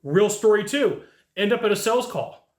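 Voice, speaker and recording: Guy coaching hvac techs, acts out quotes, kinda high pitched, room echo. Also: normal speed. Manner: animated storyteller who acts out quotes. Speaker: HVAC sales trainer. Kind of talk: casual advice monologue.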